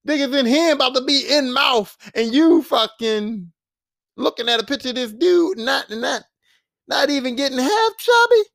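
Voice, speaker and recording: A man's voice: high-pitched, lively intonation, moderate pace, fairly bright tone. A man voicing a brash, impatient teenage girl who is profane, blunt and mocking, in a podcast retelling. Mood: exasperated.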